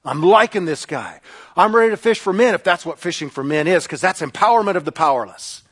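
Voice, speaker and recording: Guy preaching to his church, kinda high voice, swings up and down a lot, acts out the people in the story. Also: fast. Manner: animated, acts out quoted voices. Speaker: pastor. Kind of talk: sermon.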